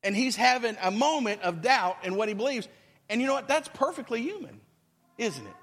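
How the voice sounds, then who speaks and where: A man's voice: very high-pitched, very animated, fairly quick, fairly bright tone. A man preaching a sermon as pastor, talking to his congregation in a conversational way and acting out quotes.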